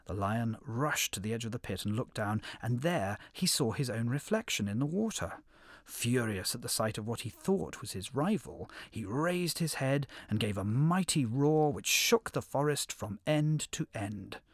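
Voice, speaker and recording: A man narrating an animal fable in an expressive storybook reading. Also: mid-range voice, moderate pace, dry recording, clean studio sound.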